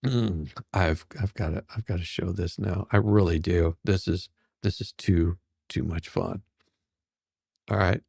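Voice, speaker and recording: A man's voice: deep voice, steady tone, measured pace, gravelly, a little mellow, slightly rough, no room sound, studio quality. A man hosting casual news commentary, mocking and laughing often. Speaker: host.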